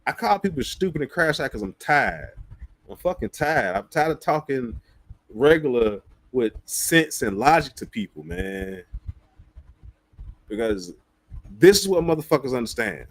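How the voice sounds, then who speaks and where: Male streamer, raised pitch, blunt profane rant delivery. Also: sing-song, unhurried, vocal fry. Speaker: livestreamer. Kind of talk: ranting livestream commentary.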